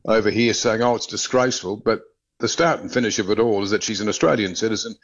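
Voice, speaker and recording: A man reporting as a radio correspondent, brisk and opinionated in a conversational way. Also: on the low side. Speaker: Australia correspondent. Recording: dull lo-fi line.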